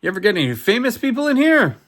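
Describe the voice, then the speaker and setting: A man's voice: very high voice, sing-song, quick pace, fairly bright tone, voice pushed up, exaggerated voice. A man voicing a grumpy, easily offended male customer in a story he is telling. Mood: curious. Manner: indignant, sputtering.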